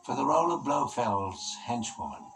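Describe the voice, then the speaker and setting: A man giving scripted documentary narration in a measured, formal way. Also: medium pitch, animated, creaky, rough recording. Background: music.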